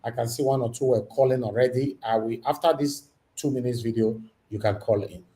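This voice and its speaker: A man's voice: medium pitch, steady tone, fairly quick, dark tone, low-quality recording. Indignant Nigerian man hosting a livestream. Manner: indignant, preachy, mixes in Pidgin. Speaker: livestream host. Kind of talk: commentary livestream.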